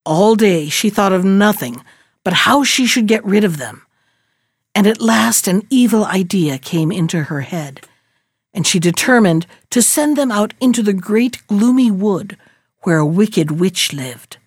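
A woman reading a fairy tale aloud as narrator in a steady, expressive way. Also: fairly low pitch, dry recording, clean studio sound. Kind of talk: storybook reading.

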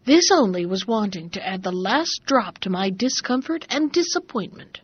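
Cross, exasperated merchant father, read by a woman, storybook style, husky tone. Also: medium pitch, big pitch swings, moderate pace, no echo, lo-fi sound. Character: angry rich old merchant father, man.

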